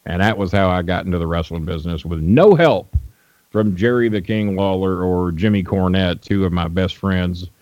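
An older man with a low voice tells rambling, blunt stories on a radio show. His speech is full of fillers and restarts. The dry, dull lo-fi audio sounds like an old broadcast. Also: normal speed, darkish tone, no echo. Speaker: guest wrestling manager. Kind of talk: storytelling in a radio interview.

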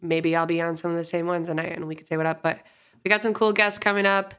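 A woman hosts a podcast in a casual, bubbly way, full of slang and "like". Her voice sits low for a woman. It sounds smooth and clear. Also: little pitch movement, quick pace, a bit bright. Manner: bubbly, slangy, says "like" and "dude" a lot. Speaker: podcast co-host.

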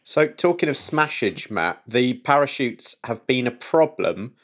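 A man's voice: medium pitch, very animated, a little slow. A man co-hosting a podcast, chatting casually in a playful, teasing way. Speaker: podcast co-host. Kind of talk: casual chat.

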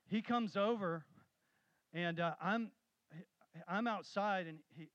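A man preaching a sermon, telling stories with animated, rising emphasis. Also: sits high, normal speed, no echo, highs cut off. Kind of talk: sermon with storytelling.

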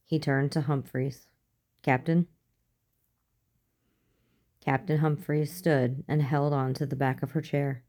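A woman narrating a story aloud in a steady, even manner. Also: extremely low pitch, moderate pace, few pauses. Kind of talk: audiobook reading.

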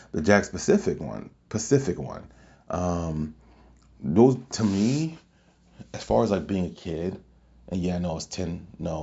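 A man hosting a podcast, telling a long casual story in a rambling, excitable way with many fillers and restarts. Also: sits low, gravelly, dull audio. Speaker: podcast host.

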